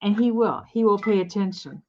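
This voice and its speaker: A woman's voice: medium pitch, moderate pace, a little mellow, a little hiss or hum. Woman, live sale co-host, rambling chatty talk, dull lo-fi sound. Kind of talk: casual live sale chat.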